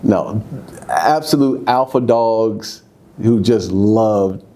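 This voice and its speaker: A man in his fifties with a low, warm, mellow voice tells old locker-room stories in a loose, slangy interview. His pitch leaps up whenever a memory excites him, then drops back down. It sounds like a sit-down studio chat. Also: extremely slow, a little hiss or hum. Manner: animated, rises high when excited, casual slang. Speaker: former football player, interview guest. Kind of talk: candid conversational storytelling.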